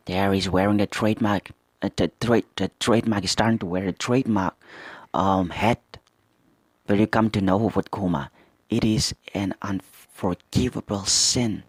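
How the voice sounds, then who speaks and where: A man hosting a manga reaction, reading character lines aloud and commenting with excited asides. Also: on the low side, normal speed, husky, no room sound.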